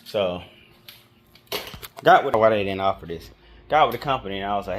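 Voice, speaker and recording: A man's voice: lowish voice, animated, a little fast, pauses often, slight background noise. Laid-back, slangy car vlogger man. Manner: laid-back slangy talk aimed at viewers. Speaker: car DIY channel host. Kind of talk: casual how-to vlog.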